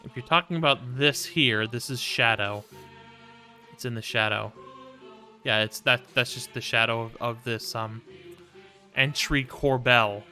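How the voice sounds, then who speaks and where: Bright-voiced, swearing male game streamer. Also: mid-range voice, a little slow, pauses often, soft background music. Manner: rambling, swears freely, coos to his cat. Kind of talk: casual gameplay commentary.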